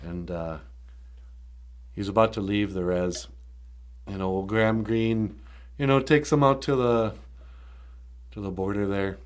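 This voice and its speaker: A man's voice: on the low side, measured pace, long pauses. A man hosting a live stream, casually retelling a story with jokes and lots of fillers. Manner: rambling, joking, many fillers.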